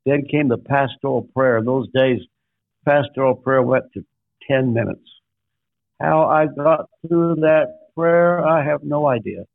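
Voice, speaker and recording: A man's voice: mid-range voice, steady tone, a little slow, vocal fry, no echo. An older man, a guest pastor, telling a story in a sermon-like way, making emphatic numbered points and acting out quotes. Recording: dry, tinny phone-like line.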